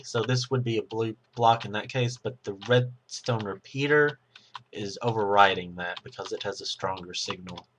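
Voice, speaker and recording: A man's voice: on the low side, bright, forceful tone, a little hiss or hum. A man patiently explaining game mechanics step by step while recording his screen, sometimes correcting himself mid-sentence. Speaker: tutorial host.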